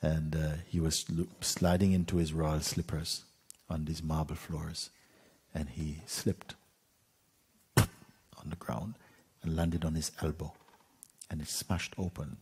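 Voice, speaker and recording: A man gently telling a parable as a spiritual teacher, unhurried, with pauses and soft fillers. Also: a bass voice, flat delivery, breathy edge. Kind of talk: gentle spoken storytelling.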